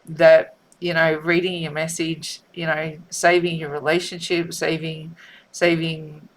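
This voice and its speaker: A woman, a tarot reader talking in a heartfelt, tearful way, often halting and repeating herself. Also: sits low, level tone, slight background noise. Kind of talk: emotional spiritual vlog.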